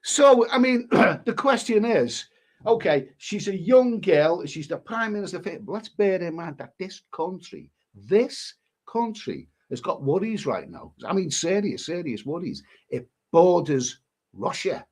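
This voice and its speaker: A man's voice: high-pitched, sing-song, unhurried. A man, hosting a live stream and rambling through crude commentary with many restarts. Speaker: livestream host.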